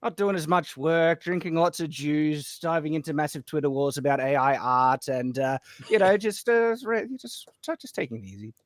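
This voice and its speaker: A man with an Australian accent chatting on a podcast panel, wry and halting, full of fillers. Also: a little high, dry recording, studio quality. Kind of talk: casual chat.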